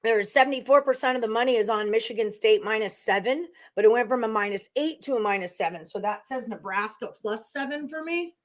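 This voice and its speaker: Woman, somewhat high voice, sports betting host, casual live stream, thinks aloud, talks to viewers. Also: a little fast, hardly any pauses.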